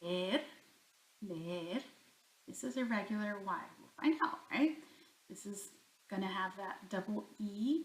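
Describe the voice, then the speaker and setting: A woman's voice: mid-range voice, expressive, unhurried. A woman teaching a Spanish grammar lesson, talking herself through each example and answering her own questions. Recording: echoey room.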